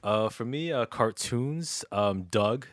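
A man's voice: lowish voice, expressive, slow, dry recording, clean studio sound. A man in his thirties hosting a podcast in a casual chat, laid-back and teasing, with lots of fillers. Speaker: podcast host.

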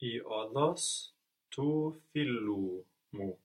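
A man answering in a language lesson, slow and careful, a little hesitant. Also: medium pitch, lively intonation, rough recording. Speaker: language student.

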